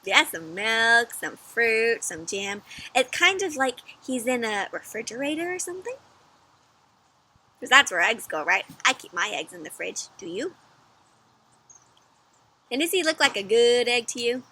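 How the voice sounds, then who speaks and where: Woman reading a picture book to little kids, teacherly, keeps asking questions, bright fairly high voice. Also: big pitch swings, a little slow, pauses often, slightly rough. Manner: warm teacherly, asks children questions. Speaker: children's story reader. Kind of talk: interactive read-aloud for kids.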